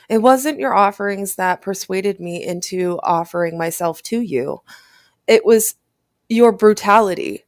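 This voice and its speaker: A woman's voice: medium pitch, no echo, studio quality. A woman hosting a livestream, reading a text aloud with stumbles and restarts. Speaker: livestream host.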